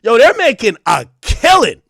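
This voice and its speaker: A young man with a high voice rants to his live chat in a casual, profane way. He is animated and joking, and he breaks into loud outbursts. The sound is close and dry, with no room in it. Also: moderate pace, vocal fry, no echo. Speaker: streamer.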